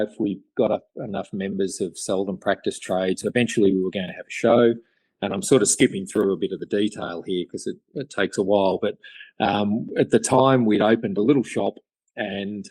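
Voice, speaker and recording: Low-voiced Australian man telling stories. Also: a little mellow, no echo. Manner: rambling, many fillers and restarts. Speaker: guest chairmaker. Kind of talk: podcast interview storytelling.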